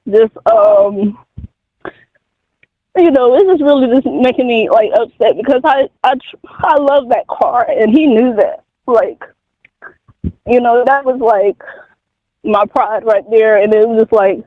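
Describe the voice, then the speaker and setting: High-voiced young man on a tinny phone line. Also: no echo. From North Carolina, US. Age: 20s. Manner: halting, hesitant, many fillers and restarts. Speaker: caller. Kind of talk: advice call-in conversation.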